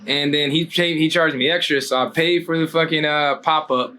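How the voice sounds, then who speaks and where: A man from Harrisburg, Pennsylvania, a clothing designer telling stories as a guest in a casual interview, slangy and animated, jumping his pitch up to act out quotes. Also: normal speed, a little hiss or hum.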